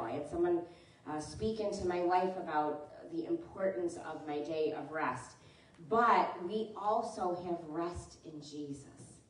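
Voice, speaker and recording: A woman pastor preaches in a plain, mid-pitched voice, turning to her congregation with questions. She is recorded from a distance in a church sanctuary, so her voice carries a strong, roomy echo. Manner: conversational preaching, often asks the congregation questions. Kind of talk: sermon. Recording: echoey church hall, mic at a distance.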